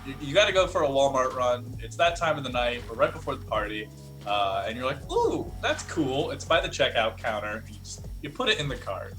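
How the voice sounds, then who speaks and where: A man's voice: medium pitch, a little fast, faint music behind. A man co-hosting a live improv comedy stream, introducing games in a playful, chatty way. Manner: playful, laughing, animated. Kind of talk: casual chat and game hosting.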